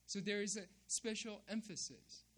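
A man's voice: high voice, moderate pace, fairly bright tone. A man preaching a sermon, emphatic, repeating key phrases and checking in with "right?". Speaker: pastor.

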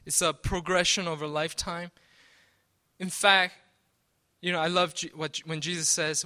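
A male pastor delivers a sermon in a fairly high voice with a bright, ringing edge. He talks conversationally rather than from a script, stumbling over and repeating words. He keeps punctuating his points with "right?". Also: steady tone, moderate pace. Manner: repeats "right?" often, restarts and stammers.

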